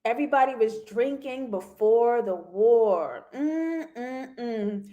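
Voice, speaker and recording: High-voiced woman hosting a TV review. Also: slow, dull audio. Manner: animated, laughs often, talks to chat. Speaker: TV review host. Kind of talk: casual livestream review.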